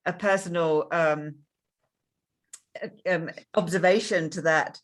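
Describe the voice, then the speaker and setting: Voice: medium pitch, fairly even intonation, unhurried, fairly bright tone. An interview host sharing a personal story, speaking with many restarts and fillers. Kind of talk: conversational interview.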